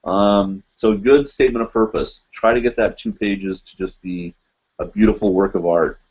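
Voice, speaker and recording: Casting note: man in his forties, low voice, rambling live-stream host, slightly muffled recording. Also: steady tone, normal speed, slightly rough. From United States. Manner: rambling, with many fillers. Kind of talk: casual live-stream chat.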